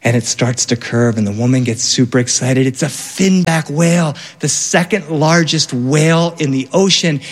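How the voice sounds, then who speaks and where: A man tells a personal story with lively swings between excitement and hushed calm. His voice sits a bit high for a man. The sound carries the long reverb of a large hall.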